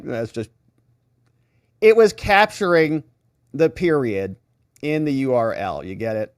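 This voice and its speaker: A man hosting legal commentary, talking casually with a sarcastic, animated manner. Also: mid-range voice, moderate pace, dry recording, studio quality. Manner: animated, sarcastic, mimics reactions.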